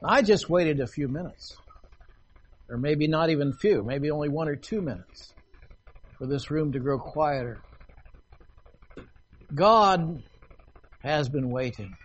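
Older male preacher, higher-pitched, slow deliberate sermon with long pauses at a podium. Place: meeting hall, at a podium.

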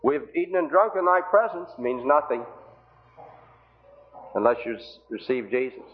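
A man's voice: medium pitch, lively intonation, moderate pace, slight background noise. A man preaching an evangelistic sermon, pleading earnestly with the congregation through rhetorical questions. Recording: tinny phone-like old recording.

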